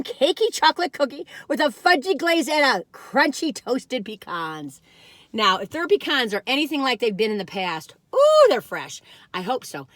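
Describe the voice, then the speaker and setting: A woman's voice: on the high side, a bit bright, no echo. A woman reviewing cookies in a chatty, folksy vlog, often calling her viewers "you all". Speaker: food review vlogger.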